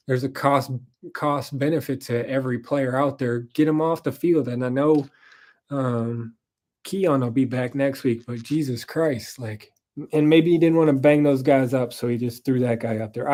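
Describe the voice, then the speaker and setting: A man's voice: mid-range voice, a little mellow. A tired man casually rambling through a football weekend recap, frank and profane, with frequent ums. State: tired, yawning. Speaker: podcast host. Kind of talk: casual sports recap monologue.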